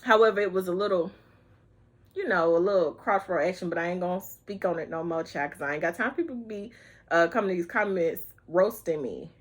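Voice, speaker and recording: Her pitch fairly low, this woman reviews a film for her YouTube audience in a sassy, expressive, chatty way. She draws out words, slips into snatches of song, and addresses viewers directly as honey and child.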